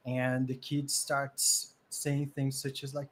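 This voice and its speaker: A man running a tabletop role-playing game as game master, narrating vividly with pauses and fillers. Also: medium pitch, steady tone, slightly rough. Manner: vivid, pausing with fillers, acts out voices.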